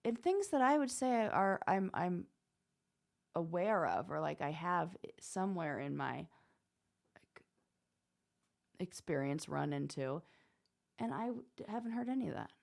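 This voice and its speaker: A woman co-hosting a podcast in casual chat, expressive and quick to exclaim. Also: lowish voice, creaky. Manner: expressive, exclaims and reacts openly. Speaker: podcast co-host.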